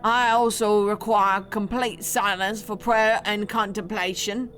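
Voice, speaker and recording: A woman's voice: medium pitch, fairly even intonation, measured pace, a bit bright, faint music behind, close to an everyday voice. Woman doing a pompous priest. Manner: pompous, formal, condescending. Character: haughty demanding male priest.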